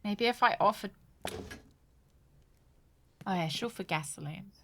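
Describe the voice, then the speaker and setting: A woman's voice: medium pitch, measured pace, fairly bright tone, a little hiss or hum. A woman streamer giving casual let's-play commentary, wry and joking, laughing often.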